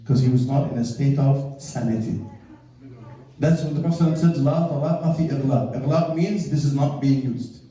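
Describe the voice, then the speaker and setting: A man's voice: mid-range voice, moderate pace, dark tone. A man giving a humorous religious lecture who acts out the dialogues in his stories. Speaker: Islamic lecturer. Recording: roomy hall, mic far off.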